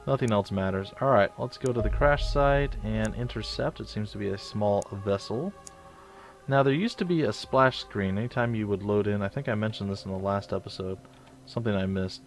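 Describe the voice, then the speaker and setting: A man's voice: lowish voice, moderate pace, soft background music. Chatty young man narrating his gameplay. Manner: chatty, self-mocking, jumps to loud outbursts. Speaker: let's play gamer. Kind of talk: casual game commentary.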